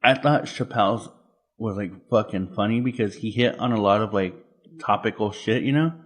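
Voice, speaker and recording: A young man with a fairly low voice chats casually as a podcast co-host. He talks loosely and profanely, often slipping into quick impressions of people he argued with. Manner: loose, profane, animated retelling with quoted voices. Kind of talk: casual chat.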